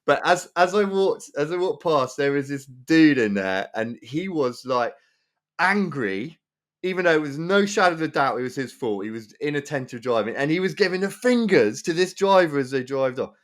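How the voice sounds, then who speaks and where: A man telling a story in casual podcast chat, animated and prone to repeating himself. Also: a little high, moderate pace. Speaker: podcast co-host.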